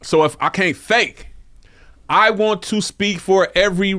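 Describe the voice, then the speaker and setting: Rapper from vallejo telling stories easy and loose, kinda high voice, dry sound. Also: male voice, unhurried, bright, forceful tone, no echo. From Vallejo, California. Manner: laid-back, streetwise, peppered with "you feel me". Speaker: rapper, podcast guest. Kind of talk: casual interview storytelling.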